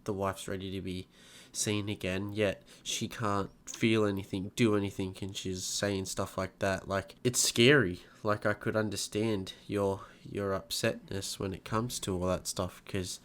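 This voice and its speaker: A man, co-hosting a casual podcast, relaxed and sympathetic as he asks questions. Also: on the low side, measured pace, few pauses, slight background noise. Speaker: podcast co-host. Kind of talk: casual chat.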